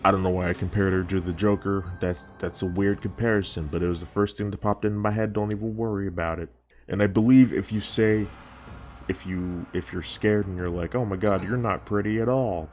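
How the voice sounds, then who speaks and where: Man, very low voice, rambling casual commentary, swears, faint music behind. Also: darkish tone. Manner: rambling, casual, profane, self-interrupting. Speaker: youtuber.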